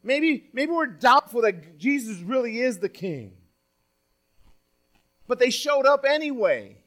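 Male pastor, sermon, high voice, emphatic scripture reading, loud-to-quiet swings. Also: sing-song, slow pace. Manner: reads scripture aloud with dramatic stress.

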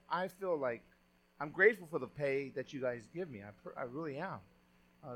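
A male pastor giving a sermon in a conversational way, often restarting his sentences as he retells a story. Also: fairly high pitch. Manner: conversational preaching, with frequent restarts and retelling of stories.

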